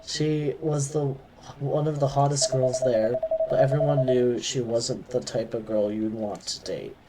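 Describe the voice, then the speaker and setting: Man reading out young elf freelancer, slow, cocky storytelling, loud noise behind. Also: mid-range voice, steady tone, close to an everyday voice. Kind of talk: reading game dialogue aloud.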